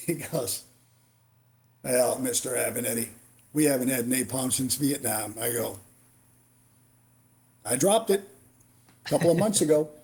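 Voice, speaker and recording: A man's voice: medium pitch, normal speed, vocal fry, darkish tone. A middle-aged man, a retired Marine warrant officer, tells war stories as a podcast guest and acts out the dialogue. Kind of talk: storytelling interview.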